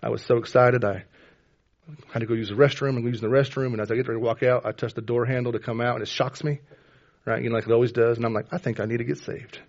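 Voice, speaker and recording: A man with children of his own, preaching a sermon in a conversational way, often asking "right?" and rising in pitch and volume when quoting scripture. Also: flat delivery, fast talker, a little mellow, dull audio. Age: adult with children. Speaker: pastor.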